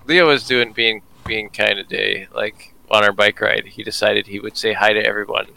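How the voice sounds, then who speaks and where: A man's voice: lowish voice, steady tone, moderate pace, creaky, sharp tone, poor audio. A man co-hosting a casual podcast, rambling and laughing at his own jokes. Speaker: podcast co-host.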